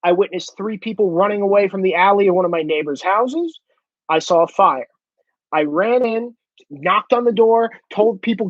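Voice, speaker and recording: A man's voice: sits high, normal speed, no echo, highs cut off. A man in a blunt, profane ranting monologue, swearing heavily for emphasis. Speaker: commentator.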